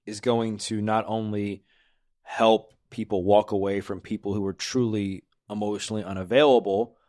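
Man, interview host, lowish voice, dry close mic, rambling questions. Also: little pitch movement, normal speed, darkish tone, no echo. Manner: thinks aloud, rambling questions.

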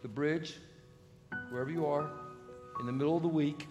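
A male pastor preaching a sermon, emphatic and swelling to shouts. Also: fairly high pitch, fairly even intonation, moderate pace, dull audio. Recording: long hall reverb with faint music.

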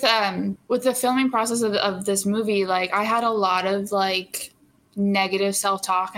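A young woman talking easily as an interview guest, full of "like" and quick laughs. Her voice sits at an ordinary pitch, with a faint hiss of background noise behind it. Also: a bit bright. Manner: chatty, filler-heavy, laughs often. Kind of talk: casual interview chat.

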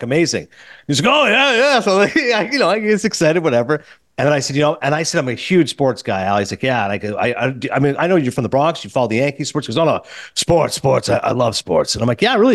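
Fast-talking male podcast host. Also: medium pitch, no echo, studio quality. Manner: fast, animated storyteller. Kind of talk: casual interview chat.

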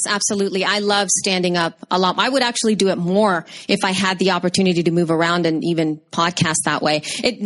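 A woman in her thirties giving a lively, conversational workshop talk and taking questions from the audience. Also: medium pitch. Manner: bubbly, expressive, conversational. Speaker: workshop presenter.

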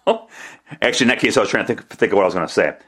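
A man's voice: on the low side, lively intonation, fast talker, a bit bright, husky. A man hosting a solo sports podcast, talking in a chatty, rambling way with restarts and self-deprecating asides. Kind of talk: casual solo podcast commentary.

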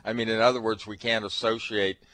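Lowish-voiced man co-hosting talk radio. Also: level tone, brisk, a bit bright, rough recording. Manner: thoughtful, hesitant with fillers. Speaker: radio co-host.

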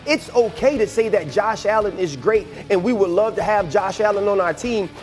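A man analyst on a sports talk show, arguing fiery, rhetorical points and building to shouts. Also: high-pitched, normal speed, soft background music. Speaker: former player analyst.

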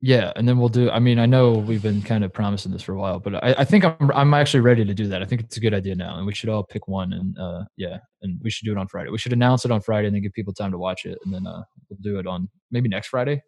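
A man's voice: fairly low pitch, quick pace, few pauses, a little mellow, no echo. A man co-hosting a casual podcast, rambling with lots of fillers and laughing easily. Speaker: podcast co-host. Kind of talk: casual chat.

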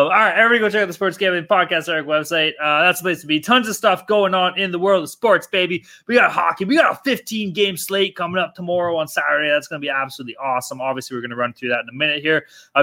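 A young man hosting a podcast in loose, profane, joking banter. His voice is bright and a little high for a man, and he talks in an easy, casual way. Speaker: podcast host.

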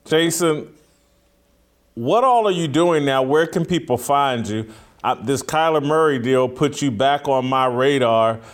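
A man hosting an interview, asking his guest questions in an excited, stammering way. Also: mid-range voice, measured pace. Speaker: show host. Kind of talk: casual interview.

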